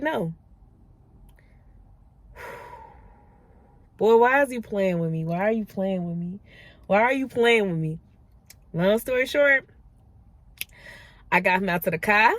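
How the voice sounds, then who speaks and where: A woman, a mother telling a story casually to her phone camera, animated and exasperated. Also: medium pitch, dry recording. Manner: animated, rising to exasperated disbelief. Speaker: vlogger, mother.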